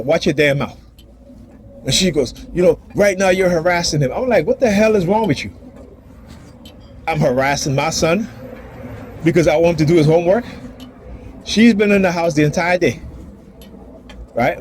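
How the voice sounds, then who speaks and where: Brief: agitated father on a phone vlog, voice a little high, faint street noise. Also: moderate pace, pauses often, a little mellow. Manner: agitated, repetitive, acts out quoted dialogue. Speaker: father vlogger. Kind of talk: ranting personal vlog. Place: outdoors near a building and street traffic.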